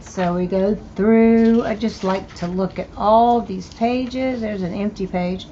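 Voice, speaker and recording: An older woman with a Southern US accent chats slowly through her thrift purchases, breaking into delighted exclamations. Her voice sits mid-range for a woman. The recording is slightly dull, with faint background noise. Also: medium pitch, steady tone, dark tone. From American South. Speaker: thrift haul host. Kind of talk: casual show-and-tell.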